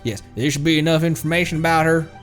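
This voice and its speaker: A man's voice: on the high side, steady tone, fast, faint music behind, natural voice. A man voicing a frail falcon keeper with weak legs, earnest and worried as he asks for help.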